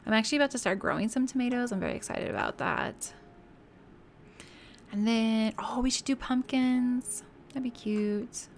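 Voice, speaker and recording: A woman's voice: a little high, lively intonation, normal speed, vocal fry, a little hiss or hum. A woman game streamer chatting casually and giggling with her viewers while she builds in a game.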